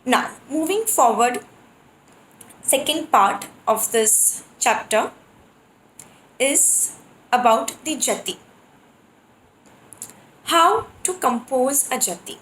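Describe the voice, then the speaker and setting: A woman teaching percussion, explaining how to compose rhythm phrases and reciting drum syllables in quick rhythmic bursts. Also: high voice, animated, fairly bright tone. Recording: echoey room.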